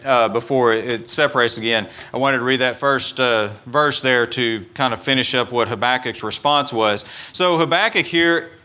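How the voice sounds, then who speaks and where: Bright-voiced man teaching the Bible. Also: mid-range voice. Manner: conversational, explains and paraphrases scripture. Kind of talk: informal Bible teaching sermon.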